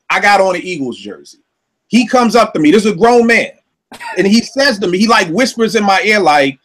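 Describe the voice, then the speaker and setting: A man hosting a casual talk show, ranting in an animated, profane, incredulous storytelling way. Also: sits high. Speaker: podcast host. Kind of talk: casual comedic rant.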